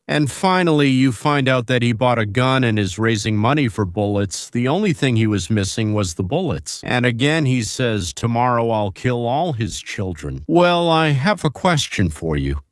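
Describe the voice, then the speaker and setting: A man's voice: lowish voice, dry recording, studio quality. A male host giving opinionated political commentary, talking to viewers through rhetorical questions and hypothetical scenarios.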